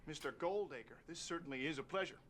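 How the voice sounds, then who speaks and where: Quick, polite young Texan reverend, played by a man in a video game, faint hiss. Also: on the high side, a bit bright, lightly acted. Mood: earnest. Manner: polite and earnest. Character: earnest young male Texan reverend investigator. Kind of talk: full-motion-video game acting.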